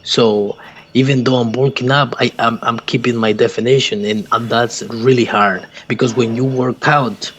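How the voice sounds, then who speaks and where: Earnest man explaining at a mid pitch. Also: steady tone, a bit bright, a little hiss or hum. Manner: earnest, explaining, halting restarts. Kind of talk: casual group-call chat.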